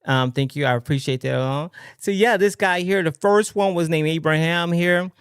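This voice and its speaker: A man hosting a livestream, talking casually and haltingly with many fillers and frequent exclamations. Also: on the high side, a bit bright, clean tone, dry recording, studio quality. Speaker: livestream host.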